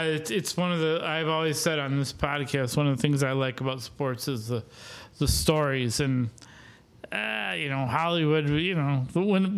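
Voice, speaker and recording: A man co-hosting a podcast, reflecting thoughtfully on sports stories in a relaxed chat. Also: fairly high pitch, clear, resonant tone. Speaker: podcast co-host.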